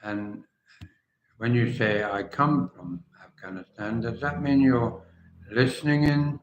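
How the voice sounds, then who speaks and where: A man's voice: mid-range voice, slow, reverberant, highs cut off, noisy background. An older English man hosting a casual livestream, chatting and answering viewers' comments by name. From England. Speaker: livestream host.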